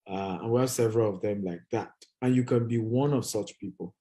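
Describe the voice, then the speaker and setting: A man's voice: lowish voice, fairly quick, mellow. A man hosting a live stream on investing, urging viewers to type their replies. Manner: urges viewers to type replies, hyping them up. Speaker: real estate company managing director hosting a live session.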